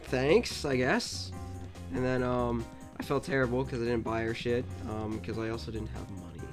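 A man's voice: medium pitch, flat delivery, brisk, music in the background. A young man co-hosting a gaming podcast, telling stories in a rambling way with lots of fillers and restarts. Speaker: podcast co-host. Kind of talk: casual let's-play chat.

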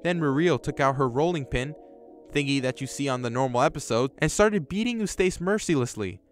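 A man reads a horror story aloud in a casual voice and breaks in with his own reactions. His voice sits at an ordinary middle pitch, and he swears now and then. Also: expressive, a little fast, soft background music. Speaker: YouTube storyteller. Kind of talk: reading a horror story with commentary.

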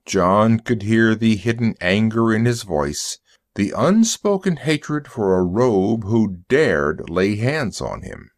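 A male narrator reading a story slowly and deliberately for English learners. His pitch moves expressively, and the recording is dry and close with no room sound. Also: big pitch swings, no echo.

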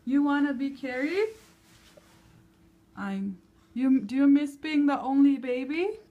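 A woman's voice: high-pitched, slow pace, narrow, tinny audio. A young woman, a mother, talking casually to camera at home and soothing her toddler. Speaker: mother vlogging her kids. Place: home, indoors. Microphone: handheld camera.

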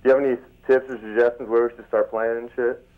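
Eager caller guy, fast flat talk, cusses, muffled phone sound. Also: mid-range voice. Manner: eager, rapid, swears. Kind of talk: casual phone call. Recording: dull phone-line sound.

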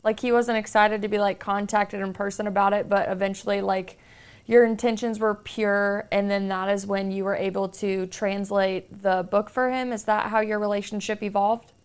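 Podcast host lady, smooth clear voice, chatty, lots of "like". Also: mid-range voice, flat delivery, normal speed. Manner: chatty, uses "like" often. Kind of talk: casual interview chat.

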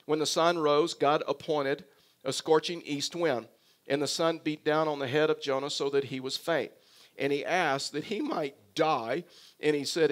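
Emphatic higher-voiced male pastor. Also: moderate pace. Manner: earnest, emphatic preaching with repeated phrases. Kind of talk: sermon.

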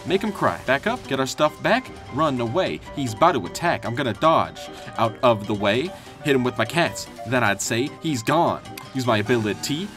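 A young man giving excitable, jokey gameplay commentary and trash-talking enemies as he plays. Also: medium pitch, moderate pace. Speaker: gaming youtuber. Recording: faint game music behind.

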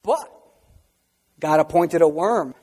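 A man preaching a sermon as pastor, swinging from quiet asides to loud, impassioned outbursts. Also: on the high side, animated, slow, husky, long reverb tail.

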